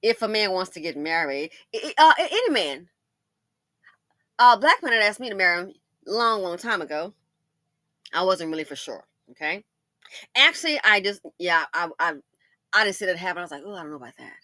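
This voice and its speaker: With a sing-song, medium-pitched voice and no echo, a middle-aged commentary channel host talks at a moderate pace, pausing often. Her casual storytelling monologue is full of laughter, loud exclamations, and direct remarks to the ladies.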